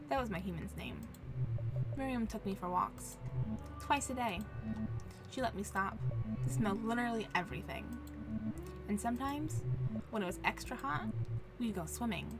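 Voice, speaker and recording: A woman's voice: medium pitch, normal speed, pauses often, natural voice. A woman voicing a cheerful, simple-minded male ghost dog who talks eagerly and innocently, with game music behind.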